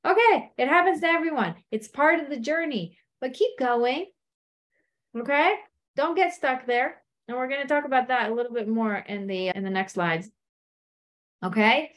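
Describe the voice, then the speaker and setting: A woman with a slightly high voice gives a motivational talk on marriage to a women's group. She speaks in a lively, conversational way, peppers her talk with "like," and acts out the voices of people in her examples. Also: normal speed. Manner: animated, acts out quoted voices, frequent "like" and "okay?".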